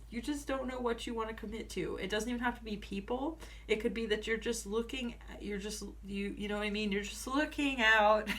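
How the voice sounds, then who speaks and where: A woman's voice: medium pitch, fairly bright tone. A woman doing a casual tarot reading, chatty and full of fillers, often breaking into giggles. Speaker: tarot reader. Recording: voice a bit far from mic, faint noise.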